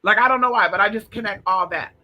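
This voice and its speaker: A man's voice: sits high, fast, dull audio. A man telling stories in a casual, profane, sassy monologue, talking straight to his viewers, his voice a little strained. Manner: profane, sassy, addresses listeners as girl. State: voice strained, coming back. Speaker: spiritual vlogger.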